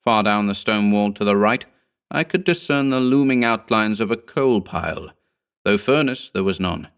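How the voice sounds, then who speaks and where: Low, grave male horror narrator. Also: expressive, gravelly, smooth. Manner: measured, grave storytelling. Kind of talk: scripted horror audiobook narration.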